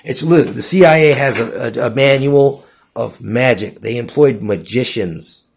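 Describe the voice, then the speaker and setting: A man's voice: mid-range voice, a little slow, creaky. A man rambling through a casual monologue, stumbling over his words and saying "dude" and "you know what I'm saying" again and again. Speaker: vlogger.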